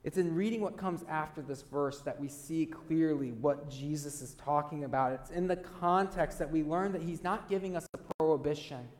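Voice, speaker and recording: A male pastor preaching a sermon, earnest, swinging between loud emphasis and quiet low asides. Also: normal speed, hardly any pauses, big-room sound.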